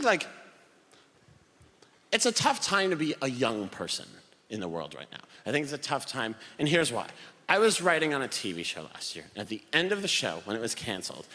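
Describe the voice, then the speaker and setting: Animated young man doing stand-up. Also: mid-range voice. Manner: animated storytelling, acts out quoted voices. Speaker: stand-up comedian. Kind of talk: stand-up routine. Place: theater stage with live audience. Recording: live hall with room reverb.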